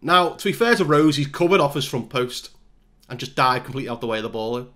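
A man's voice: mid-range voice, animated, fast talker, bright, forceful tone. A man giving casual, self-mocking play-by-play commentary over a football management game. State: out of breath. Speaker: gaming YouTuber.

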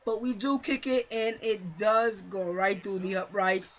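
A man's voice: sits high, steady tone, measured pace, a bit bright. A young man giving casual, rambling commentary over a football video game while chewing gum, hyping his team and griping about his kicker. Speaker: gaming commentator.

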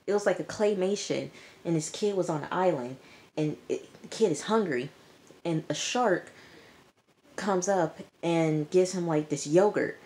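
A woman giving a chatty, animated recap of a TV episode to her viewers, talking to them directly. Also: lowish voice, a little slow. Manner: chatty, animated storytelling, addresses viewers as y'all. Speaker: TV episode reviewer. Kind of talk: casual recap vlog.

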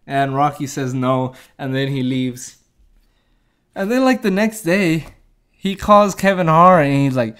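A man's voice: mid-range voice, measured pace, pauses often, clean tone. A man casually retelling a movie's plot, rambling with lots of fillers and chuckling at his own jokes. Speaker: movie reviewer.

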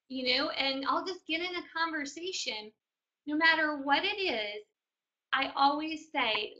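A woman's voice: high voice, unhurried, sharp tone, muffled recording. A woman in her forties, a business mentor, giving a chatty motivational training talk and telling stories straight to her audience. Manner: chatty storyteller, addresses audience directly.

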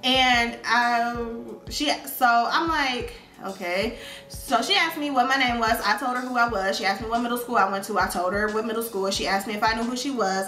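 A young woman tells a school story in a casual, animated storytime way, dropping into slangy phrasing. Her voice sits a little high and sounds bright. The recording is roomy and echoey, with faint music underneath. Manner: animated retelling with slangy talk. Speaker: vlogger.

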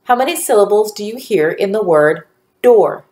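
A woman teacher giving a phonics lesson to young children, speaking slowly and clearly with encouraging praise. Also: mid-range voice, lively intonation, darkish tone. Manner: slow, clearly enunciated, encouraging.

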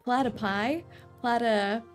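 A woman streams a game and chats playfully, giggling between her thoughts. Her voice sits high, and she talks at an easy, slow pace. The talk rambles from joke to joke. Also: soft background music. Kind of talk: casual live-stream chat.

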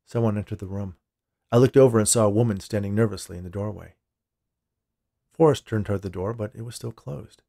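A man tells a bedtime story in the first person, calm and steady. His voice is low and gravelly, and the recording is dry and close. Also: brisk, no echo. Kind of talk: scripted narration.

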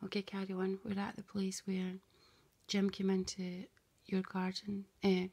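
Woman, confiding rambling monologue, husky, flat delivery, slips into whispers. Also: medium pitch, a little slow. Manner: hushed, often drops to a whisper; meandering and confiding, voices both sides of an imagined dialogue. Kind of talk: rambling spoken monologue to camera.

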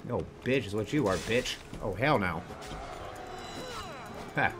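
A gaming streamer with a fairly low, animated voice does let's play commentary over music. He jokes around in laid-back banter, then turns profane and quick to rage, swearing furiously at enemies.

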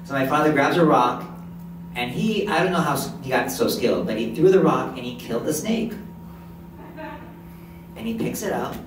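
A man's voice: medium pitch, lively intonation, moderate pace, long pauses. A man voicing a deaf presenter's signed story in first person as a live interpreter, with short restarts. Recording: echoey hall, distant mic, background noise.

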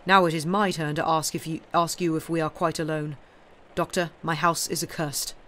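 Woman voicing a frantic shouting prosecutor. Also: low voice, level tone, normal speed. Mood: distraught. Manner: shouting, urgent. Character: male prosecutor in frantic panic.

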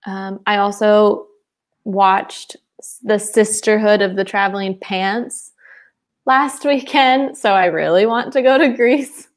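A woman's voice: medium pitch, fairly even intonation, takes it slowly. A woman in her twenties from Seattle co-hosting a casual live webinar, chatty and giggly, trailing off with fillers. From Seattle, USA. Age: 20s. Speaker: webinar co-host.

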